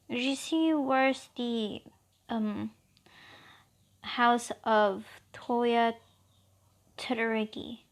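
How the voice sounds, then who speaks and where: A woman telling an improvised fan story at a slow, unhurried pace. Her voice sits a little high, and her telling is halting and meandering, with frequent pauses and fillers.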